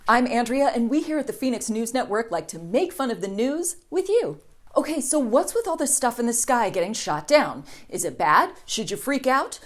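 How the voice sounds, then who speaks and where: Sarcastic, lively woman news host. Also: on the high side, moderate pace. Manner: sarcastic, with mocking voices for quotes. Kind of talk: scripted comedic news monologue.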